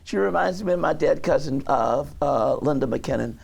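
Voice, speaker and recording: A man rambles as a talk show guest in a TV studio, stopping and restarting as he hunts for words. His voice is gravelly with fry and sits a bit high for a man. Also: animated, darkish tone. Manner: halting, searching for words, many restarts.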